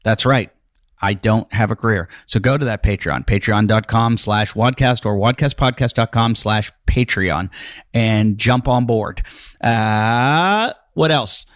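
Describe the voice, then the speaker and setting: A man's voice: lowish voice, measured pace, a bit bright, dry recording, clean studio sound. A man hosting a casual podcast, rambling through his intro with lots of fillers and self-mocking asides. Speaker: podcast host.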